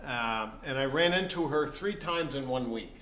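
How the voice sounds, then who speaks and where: A man at an average pitch tells stories from his life as a musician in an easy, casual way. He often makes fun of himself with wry humor. His voice is recorded in a reverberant room, with a faint hum of noise underneath. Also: expressive, normal speed, a bit bright. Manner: wry, self-deprecating humor. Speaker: interviewed musician. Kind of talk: casual anecdotal storytelling. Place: event venue, indoors. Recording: roomy echo, faint background noise.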